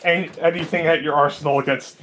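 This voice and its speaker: A man's voice: a little high, steady tone, fast, fairly bright tone, a little hiss or hum. Defiant man at a game table. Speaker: player. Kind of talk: tabletop role-play.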